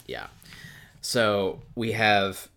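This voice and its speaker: A woman's voice: rumbling low, steady tone, very slow, fairly bright tone. A woman co-hosting a podcast, chatting casually about a book with a sarcastic edge and frequent laughs. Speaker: podcast co-host.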